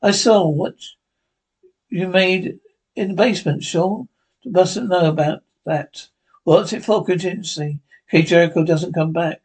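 Gravelly, husky man reading a script. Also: a little high, darkish tone. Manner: voices every part and reads stage directions aloud. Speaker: script reader. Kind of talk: reading a TV drama script aloud.

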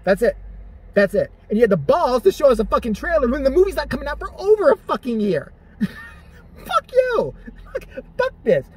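Husky vlogger ranting and cussing, sarcastic, voice jumps all over. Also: high-pitched, very animated, fast talker, a little mellow. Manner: profane, sarcastic, exasperated. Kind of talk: ranting commentary.

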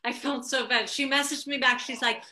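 A young adult woman telling a stand-up set over a video call, animated and profane, laughing through her stories. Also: high voice, normal speed. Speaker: stand-up comedian.

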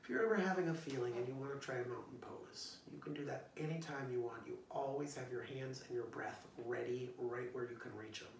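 Gentle man leading a kids' singalong. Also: medium pitch, brisk, creaky, hardly any pauses, slight background noise. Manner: gentle, encouraging, playful with children. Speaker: children's music teacher. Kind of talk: online children's singalong and lesson. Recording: roomy echo, distant from the mic, guitar.

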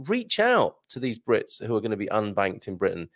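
Chatty male livestream host, gravelly voice. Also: on the low side, huge pitch swings, normal speed, a bit bright, dry recording, studio quality. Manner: chatty, hesitant, laughs often, many fillers. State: strained throat. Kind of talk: casual livestream chat reading comments.

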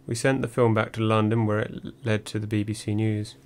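Low monotone guy reading a memoir audiobook, dry and measured, faint hum behind. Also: clean tone. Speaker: audiobook narrator. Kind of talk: first-person memoir reading.

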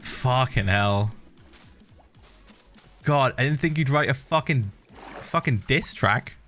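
A man's voice: mid-range voice, animated, slow, fairly bright tone, soft background music. A man in his thirties chatting casually on a livestream, swearing freely and muttering little sound effects while he builds. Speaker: streamer.

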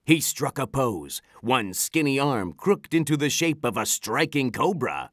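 Animated storybook narrator. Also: medium pitch, a little slow, dry recording, studio quality. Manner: animated, expressive reading. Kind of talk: storybook read-aloud.

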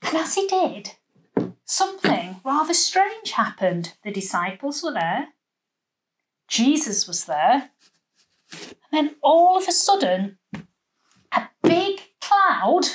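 A woman leading a children's church session, telling a Bible story with lively voices and asking the children at home to join in. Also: high voice, takes it slowly, long pauses. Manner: animated, acting out the story with voices and gestures.

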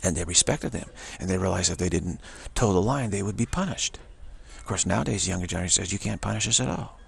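A spiritual teacher gives an informal religious sermon in a low, gravelly, husky voice, talking fast. He rambles, repeats himself, restarts often, and makes emphatic declarations.

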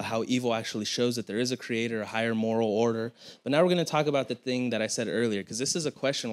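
A young man, a pastor, giving a sermon in an earnest, conversational way, with frequent restarts and asides to the congregation. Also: mid-range voice.

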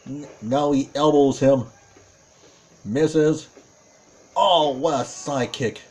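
A man calling a tag team wrestling match play by play, excitable, with frequent exclamations and self-corrections. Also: on the high side, slow, breathy edge. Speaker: wrestling commentator. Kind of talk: play-by-play commentary.

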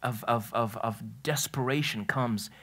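A man pastor delivers a relaxed, conversational sermon in a church, with a voice of ordinary middle pitch. He tells stories in a chatty way, restarts his phrases often and slips into loose, everyday talk. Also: a little slow, breathy edge. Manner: storytelling, chatty, self-correcting, laughs at his own story. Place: church sanctuary.

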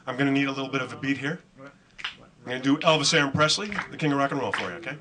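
A man's voice: medium pitch, rapid-fire, background noise. A middle-aged man emceeing a comedy show, rambling through self-mocking, profane bits and crowd work.

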